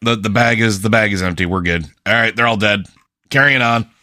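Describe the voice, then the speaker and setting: A man's voice: lowish voice, fairly even intonation, fast, bright, forceful tone. A man playing a tabletop game in a dry, matter-of-fact way. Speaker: player. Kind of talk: tabletop game role-play.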